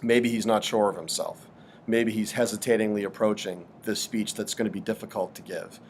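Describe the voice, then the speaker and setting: A man teaching a literature lesson in a thoughtful, hesitant way, with frequent pauses and fillers. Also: on the low side, steady tone, a little hiss or hum. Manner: thoughtful, hesitant with many ums. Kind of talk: explanatory lesson.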